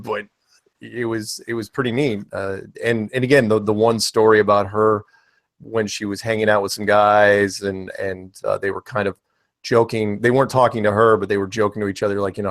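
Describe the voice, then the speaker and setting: Joking low-voiced American man. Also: no room sound. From United States. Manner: rambling, joking, self-deprecating. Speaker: host of an online panel chat. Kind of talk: casual group chat.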